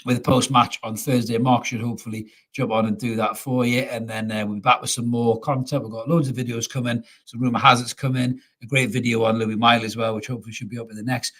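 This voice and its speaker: Man, husky voice, middle pitch, casual football chat, laid-back and chatty. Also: little pitch movement, quick pace, few pauses, a bit bright. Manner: chatty, laughs often, calls people mate. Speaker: fan podcast host.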